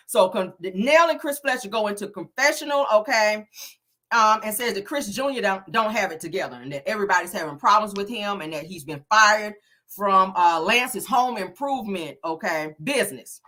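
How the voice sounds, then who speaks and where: A woman recapping a reality show episode in a sassy, animated, slang-filled way. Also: medium pitch, normal speed. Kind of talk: casual chat.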